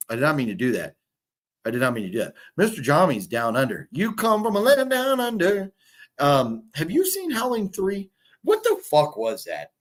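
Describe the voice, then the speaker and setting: A man in his fifties hosting a casual livestream, rambling and swearing as he reads chat comments. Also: on the high side. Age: 50s. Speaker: livestream host. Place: hotel room.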